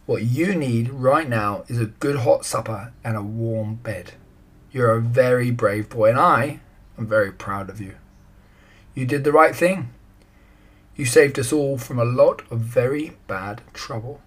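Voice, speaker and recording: A man voicing a gentle, reassuring father in a read-aloud storybook. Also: mid-range voice, measured pace, breathy edge. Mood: tender, proud. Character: kind, proud Dutch father.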